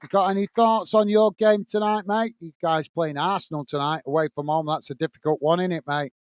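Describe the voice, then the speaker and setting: A man's voice: fairly quick, no room sound. Man calling a football match live. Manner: steady play-by-play, lifts pitch when greeting viewers. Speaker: watch-along host and commentator. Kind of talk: live football watch-along commentary and chat.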